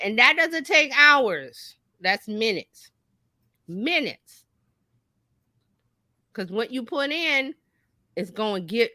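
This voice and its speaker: A woman marketing coach talking casually on a talk show, lively and folksy, acting out little quoted voices as she explains. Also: on the high side, slow, pauses often, dry recording.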